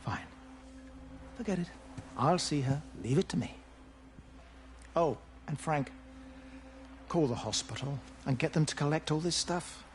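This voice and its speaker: An actor playing a polite, hesitant older village doctor who stammers a little, in a story game. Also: male voice, fairly high pitch, measured pace, long pauses, slight background noise, close to an everyday voice. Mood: concerned.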